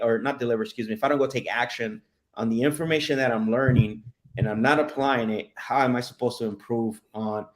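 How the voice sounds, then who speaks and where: A man's voice: mid-range voice, echoey room. A man hosting a casual sales podcast, telling stories with lots of restarts and repeated words. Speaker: podcast host and sales coach.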